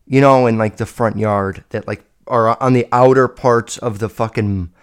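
A man in his twenties hosting a solo podcast, telling stories in a rambling, profane, animated way. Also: mid-range voice, moderate pace, clear, resonant tone. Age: 20s. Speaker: podcast host. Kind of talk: casual solo podcast storytelling.

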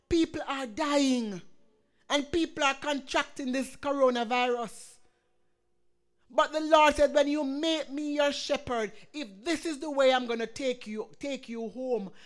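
Impassioned woman preaching a sermon. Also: sits high. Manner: passionate preaching, swings from loud calls to hushed prayer. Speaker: pastor.

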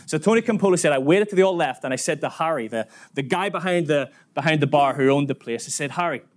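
A male preacher telling a story in a sermon, with lively, dramatic pacing. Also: on the high side, fast talker. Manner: lively, dramatic retelling with quoted voices. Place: church.

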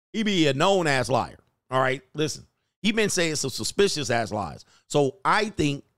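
A man's voice: medium pitch, no room sound, studio quality. A man hosting a casual livestream, joking and reading news stories aloud in slangy talk. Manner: loud, joking, slangy, reads articles aloud. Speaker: livestream host.

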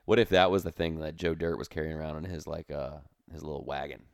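A very deep, gravelly male voice, recorded dry and close. He jokes around in casual podcast chat, deadpan and goofy. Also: fast, dry recording. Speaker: podcast co-host.

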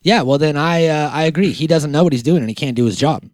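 A man hosting a casual comedic chat, talking in a rambling, deadpan, joking way with lots of fillers. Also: fairly high pitch, quick pace, no echo, studio quality. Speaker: podcast host.

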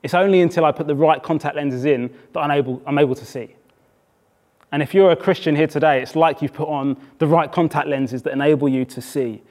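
Male preacher from England, slightly high voice, conversational but emphatic sermon delivery in church. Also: brisk, darkish tone. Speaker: pastor.

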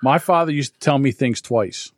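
A man's voice: mid-range voice, normal speed, no room sound, clean studio sound. A middle-aged man cohosting a podcast, telling reflective stories about raising his kids in a casual chat. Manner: reflective storytelling about parenting.

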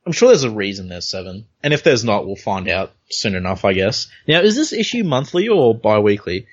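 An easygoing man hosting a casual comic book chat, describing panels one by one in a fairly low voice. The recording sounds dull and lo-fi. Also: very animated, a little fast, breathy edge. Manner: easygoing, narrates panels step by step. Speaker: podcast host.

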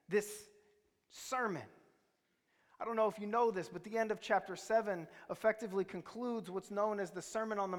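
A man preaching a sermon, telling stories in a conversational way and quizzing the congregation. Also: sits high. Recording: reverberant hall.

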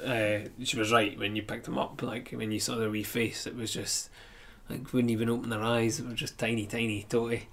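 A man chats loosely on a podcast, rambling through an anecdote with restarts and laughter along the way. His voice sits at an ordinary middle pitch for a man. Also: little pitch movement, a little fast, vocal fry, few pauses, a bit bright. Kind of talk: casual chat, anecdote telling.

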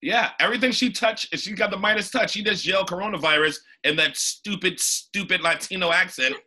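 Man, co-host, crude joking banter, husky, very bright tone. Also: high-pitched, a little fast. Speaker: podcast co-host. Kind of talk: casual comedic banter.

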